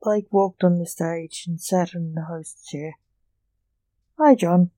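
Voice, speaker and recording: Woman reading a story, unhurried, warm and dry close sound. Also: fairly low pitch, fairly even intonation, no echo. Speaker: story reader.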